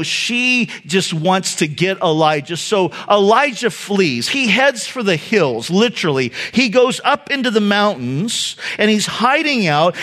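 A man's voice: sits high, fairly bright tone. A male pastor giving a sermon in an earnest, conversational way, speaking directly to his listeners.

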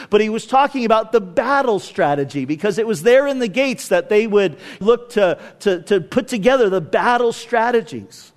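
A man with a high-pitched voice delivers a sermon as a pastor. He keeps it conversational and relaxed, dropping casual asides to his listeners.

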